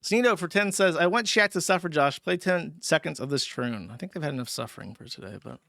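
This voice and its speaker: A man's voice: on the high side, expressive, fairly quick, creaky, a bit bright, no echo, clean studio sound. A man casually chatting on a livestream, reading out donations with crude, sarcastic remarks.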